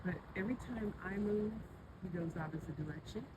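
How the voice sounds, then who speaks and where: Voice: medium pitch, a little fast. A gardening vlogger talking aloud outdoors in their own garden, a little out of breath, chatty and startled, speaking to an animal. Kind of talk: casual handheld vlog commentary. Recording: outdoor audio with clear traffic noise.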